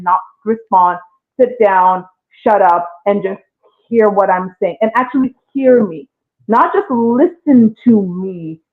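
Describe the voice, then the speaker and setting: A woman hosting a casual relationship talk show, speaking expressively and addressing the listeners directly. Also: mid-range voice. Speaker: host. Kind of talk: casual podcast discussion. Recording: tinny phone-like sound.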